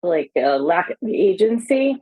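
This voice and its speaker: Woman guest, low-pitched, animated and candid, heard over a tinny phone line. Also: unhurried, dry recording. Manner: candid, animated retelling with many fillers. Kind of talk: conversational interview.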